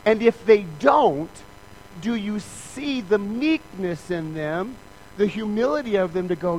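A man's voice: sits high, lively intonation, measured pace, darkish tone, a little hiss or hum, poor audio. A man preaching a sermon in a church, talking in a conversational, joking way and acting out other people's lines. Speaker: pastor.

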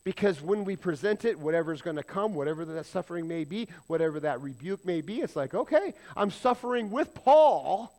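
A man preaching a sermon, asking the congregation rhetorical questions and answering them with emphasis, sometimes dropping to a hushed tone. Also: a little high, fast talker, few pauses. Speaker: pastor.

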